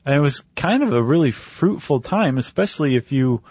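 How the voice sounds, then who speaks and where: A man's voice: on the high side, lively intonation, fairly quick, darkish tone, breathy edge, dry recording. A man co-hosting a casual podcast chat, joking and loose, with plenty of fillers. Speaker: podcast co-host.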